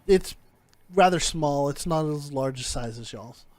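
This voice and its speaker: A man narrating a tabletop game as game master, in a rambling, halting way. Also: on the high side, darkish tone.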